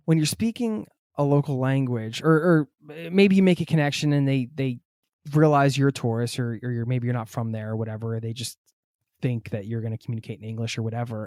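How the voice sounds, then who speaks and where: A man's voice: mid-range voice, warm tone, dry recording, clean studio sound. A man hosting a podcast, talking in an easygoing, conversational way and thinking aloud as he goes. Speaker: podcast host. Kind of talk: casual interview chat.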